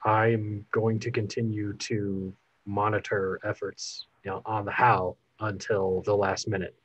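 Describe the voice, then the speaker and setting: Male player as a starship captain, low and husky, brisk and commanding. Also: flat delivery, dry recording, muffled recording. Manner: brisk, giving orders. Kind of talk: voicing a character in a tabletop game.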